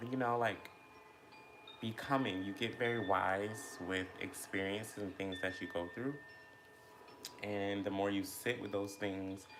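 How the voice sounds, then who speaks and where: A man's voice: on the low side, noisy background. A man chatting casually and reflectively while eating, rambling with many fillers as he thinks aloud about feelings. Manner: rambling, filler-heavy, introspective. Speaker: mukbang vlogger.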